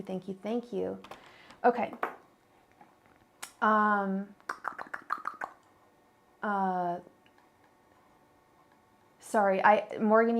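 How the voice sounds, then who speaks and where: A woman's voice: medium pitch, vocal fry, slight background noise. A young woman chatting casually on a livestream as a tarot reader, apologetic and rambling with many fillers and restarts.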